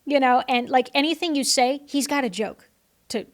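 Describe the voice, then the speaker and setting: Young adult woman, interview guest, chatty animated storyteller. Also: high-pitched, moderate pace. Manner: animated, chatty, often breaks into laughs. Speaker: guest, horror host and vintage performer.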